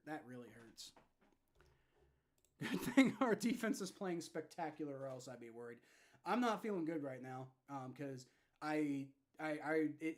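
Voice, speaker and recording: A young man hosting a live fan reaction stream with play-by-play, frustrated and swearing, dropping to low mutters and rising to shouts. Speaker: livestream reaction host.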